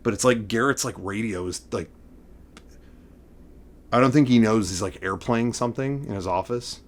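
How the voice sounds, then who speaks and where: Excitable rambling man showing off figures. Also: lowish voice, moderate pace. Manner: excitable, rambling, mock-emotional. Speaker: vlogger showing figure collection. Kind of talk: casual figure-collecting vlog.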